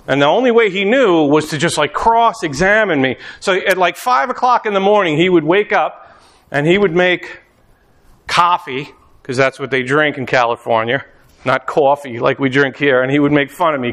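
High-voiced animated man preaching. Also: normal speed. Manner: animated storytelling, acts out scenes, rising to shouts. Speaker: pastor. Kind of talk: sermon.

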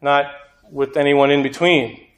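A man's voice: on the high side, level tone, unhurried. A male preacher giving a sermon in an earnest, conversational way, sometimes acting out quotes. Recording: echoey room.

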